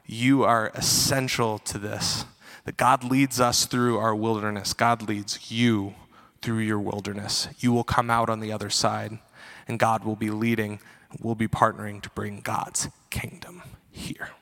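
A pastor speaking to a congregation in a slow, measured, earnest way. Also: male voice, on the low side, little pitch movement, gravelly, fairly bright tone. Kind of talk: sermon. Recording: long reverb of a large hall.

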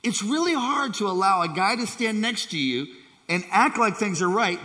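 High, bright-voiced male preacher in an echoing hall. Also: normal speed. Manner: animated preaching with calls to the congregation. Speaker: pastor. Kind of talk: sermon. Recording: long hall reverb.

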